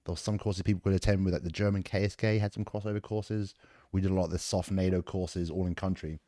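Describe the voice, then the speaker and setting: A British man in his forties, a guest on a podcast, telling stories about his army years in a relaxed way. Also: sits low, fast talker, no room sound, studio quality. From England. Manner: laid-back storytelling, swears and laughs a lot. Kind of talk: casual interview.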